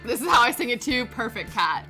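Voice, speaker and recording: A woman's voice: on the high side, very animated, brisk, sharp tone, faint music behind. A woman hosting a casual livestream, chatty and self-mocking as she crafts and chats. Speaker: livestream host.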